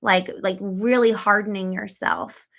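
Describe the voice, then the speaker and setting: Gravelly earnest woman hosting a livestream. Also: medium pitch, steady tone, a little slow, a bit bright. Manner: earnest, reflective, with frequent "um" and "like". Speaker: livestream host. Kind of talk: casual livestream talk, reading chat.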